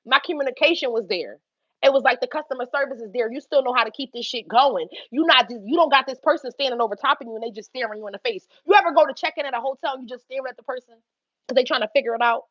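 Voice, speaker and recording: A young woman telling a work story in a casual, profane, animated way, laughing often and acting out what people said. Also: high-pitched, no echo, lo-fi sound. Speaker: livestream host telling a story.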